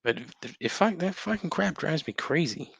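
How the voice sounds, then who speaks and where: A man's voice: on the high side, animated, normal speed, gravelly, fairly bright tone, breathy edge, no echo. A man hosting a solo podcast from home, ranting in a profane, rambling way with many restarts and sudden heated outbursts. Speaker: podcast host.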